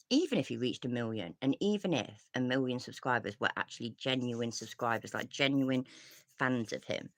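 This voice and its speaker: A woman's voice: rumbling low, a bit bright, no echo. Woman streamer, rambling rant, dry close sound, restarts and sighs, plenty of swearing. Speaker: commentary streamer. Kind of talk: casual ranting commentary.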